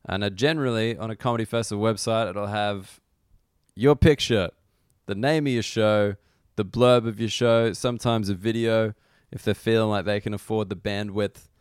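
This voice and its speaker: A man's voice: lowish voice, steady tone, normal speed, clean tone, no echo, studio quality. A man with an Australian accent, hosting a casual solo comedy podcast, rambling and self-deprecating, swearing freely. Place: corner of a hotel room.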